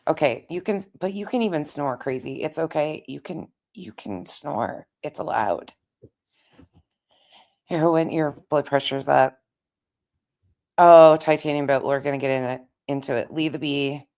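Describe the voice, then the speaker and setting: A woman live-streaming in a casual, chatty way, greeting viewers by name, with a raspy voice. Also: sits low, measured pace, darkish tone.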